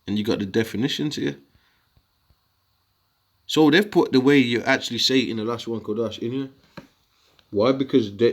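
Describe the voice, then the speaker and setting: A man giving an informal scripture lesson, rambling and combative, dropping slang asides as he works through the words on his screen. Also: mid-range voice. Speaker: video teacher.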